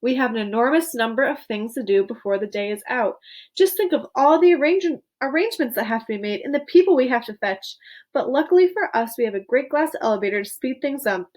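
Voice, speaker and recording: A woman reading aloud puts on a giddy, eccentric candy maker who gushes with delight. The voice jumps high and loud with excitement. It is a storybook figure full of energy. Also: fairly quick. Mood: gushing excited. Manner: exuberant, gushing, high-spirited.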